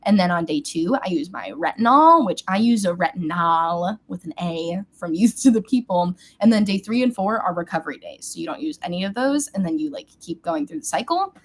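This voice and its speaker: A woman's voice: lowish voice, expressive, brisk, few pauses. A young woman in a casual get-ready-with-me beauty vlog, chatty and bubbly, recorded on a webcam at home. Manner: chatty and bubbly, squeals at comments and her cat. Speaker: beauty vlogger.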